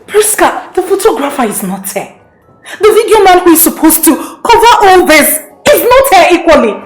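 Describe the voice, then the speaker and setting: An actress playing a panicking young Nigerian bride who sounds agitated and insistent. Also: female voice, very high-pitched, very animated, normal speed, faint music behind. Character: panicking young bride on her wedding day. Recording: echoey room.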